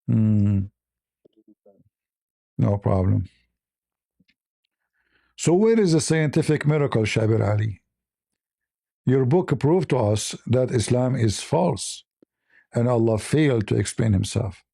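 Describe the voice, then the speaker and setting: A man's voice: medium pitch, animated, takes it slowly, vocal fry, pauses often, mellow, no echo, studio quality. A man hosting a casual livestream chat, mocking and provocative, stretching words for emphasis. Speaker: livestream host.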